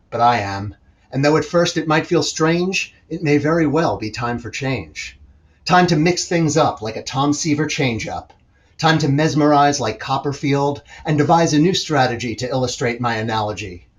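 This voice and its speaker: A man's voice: fairly high pitch, animated, moderate pace. A man from New York City performing a polished, rhythmic slam poem with confident delivery. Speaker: slam poet.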